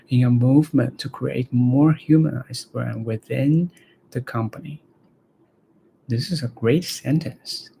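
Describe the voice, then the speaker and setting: Slow, gravelly man practicing reading aloud. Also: mid-range voice, mellow, a little hiss or hum, low-quality recording. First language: Chinese. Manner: halting, repeats words and phrases to practice them. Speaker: language learner reading aloud.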